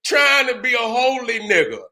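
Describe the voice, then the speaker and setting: A man with a strikingly high, piercingly bright voice holds forth in a fiery commentary monologue. He is emphatic and profane, often breaking into shouts. He keeps checking in with his listeners, asking whether they understand what he's saying. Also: animated, moderate pace. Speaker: channel host.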